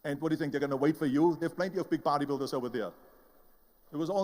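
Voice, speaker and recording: A man's voice: a little high, very fast, darkish tone, in a large hall. An older man with an Austrian German accent giving an emphatic motivational speech, telling his story and acting out the voices of the people in it. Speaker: motivational speaker.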